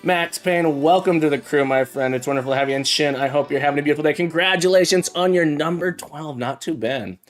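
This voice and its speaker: Upbeat man streaming with soft music. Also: on the high side, a little fast, hardly any pauses. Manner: upbeat and jokey, greeting chatters by name. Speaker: live coding streamer and teacher. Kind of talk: casual live-stream chat while programming. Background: faint background music.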